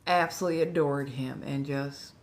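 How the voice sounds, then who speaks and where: A woman's voice: rumbling low, steady tone, moderate pace. A woman from Southern California with a Californian accent, chatting casually with her livestream chat, often repeating herself as she reads and answers. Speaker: ASMR livestream host.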